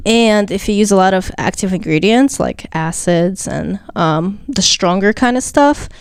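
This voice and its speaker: A young woman esthetician talks skincare in a relaxed interview, slipping in fillers as she explains. A slight non-native accent colors her words. Her voice is smooth and resonant, recorded close and dry. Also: medium pitch, dry recording. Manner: chatty, explains skincare plainly with many fillers. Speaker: esthetician guest. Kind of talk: casual explanatory interview talk.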